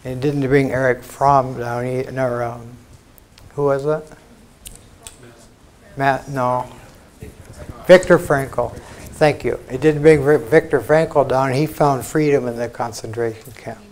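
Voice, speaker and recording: A man's voice: mid-range voice, steady tone, slow, pauses often, a little mellow. An older American man giving an informal spiritual talk in a lecture hall, frank and conversational, with salty asides and mock quotes. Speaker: spiritual teacher.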